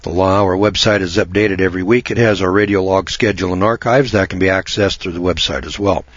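A man hosting a radio talk hour, holding forth in a folksy, opinionated ramble full of "uh"s and restarts. His voice sits low with a husky edge. The audio is dry and slightly dull, like an older broadcast. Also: fairly even intonation, a little fast, dry recording. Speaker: radio show host.

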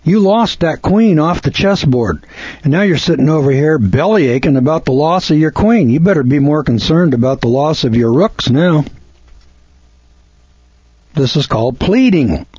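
A man's voice: on the high side, animated, moderate pace, darkish tone, slightly rough, no room sound, lo-fi sound. A man giving a folksy, lecturing talk on legal procedure to listeners, acting out courtroom exchanges.

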